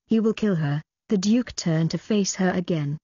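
A woman narrating an audiobook in a quick, even storytelling manner. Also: fairly low pitch, slightly rough, no echo, highs cut off. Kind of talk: scripted narration.

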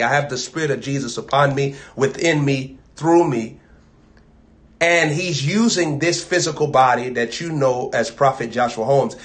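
An American man preaching a sermon, chanting and repeating phrases, swinging from loud to soft. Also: medium pitch.

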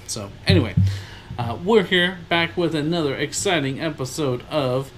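A man co-hosting a casual podcast, talking in quick, lively, rambling bursts. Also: a little high, slight background noise. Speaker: podcast co-host.

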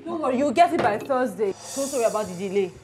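A woman's voice: a little high, lively intonation, fast, background noise, natural voice. A woman playing a flustered, stammering shop owner. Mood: pleading. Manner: stammering, pleading.

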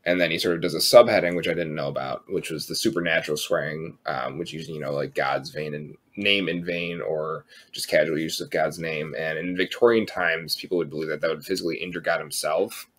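A man co-hosting a podcast, talking in a relaxed, rambling way, full of fillers and casual swearing. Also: a bass voice, brisk, few pauses. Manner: relaxed, rambling, lots of um and sort of, swears freely. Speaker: podcast co-host.

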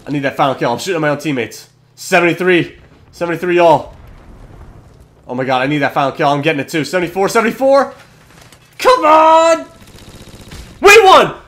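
Excitable young man commentating gameplay. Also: fairly high pitch, quick pace. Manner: excitable, swears, shouts at kills. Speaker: gaming channel host.

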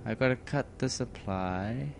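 A man's voice: mid-range voice, measured pace, vocal fry, a little hiss or hum. A man commentating on a game he is playing, muttering to himself with sudden bursts of outrage. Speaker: gameplay commentator. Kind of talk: let's play commentary.

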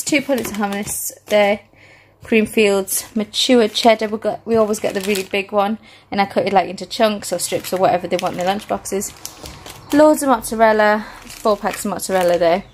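A woman's voice: mid-range voice, moderate pace, a little hiss or hum. A woman with a British accent chatting casually on her vlog, listing items one by one and a little out of breath. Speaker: family vlogger.

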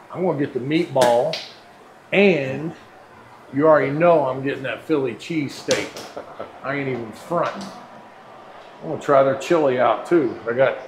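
A food vlogger films a review in a sandwich shop, chatting in a casual, folksy way full of playful slang. His voice is a little high, and the rough recording carries a slight hiss or hum.

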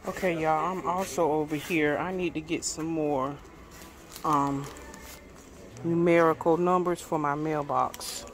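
A woman with a Southern US accent chatting casually to her viewers in a DIY vlog, folksy and quick to get riled up. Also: low-pitched, steady tone, a little hiss or hum. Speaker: DIY vlogger.

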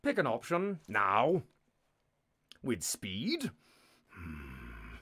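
A man's voice: on the low side, wildly swooping pitch, drawn-out words, vocal fry, a bit bright, slightly rough. A man hosting a live text adventure game, narrating in a sardonic, mock-menacing, sweary way.

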